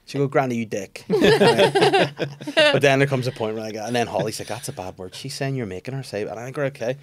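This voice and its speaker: Fast-talking man. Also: medium pitch. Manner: animated storytelling, acts out his kids' voices. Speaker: guest comedian. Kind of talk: casual podcast chat.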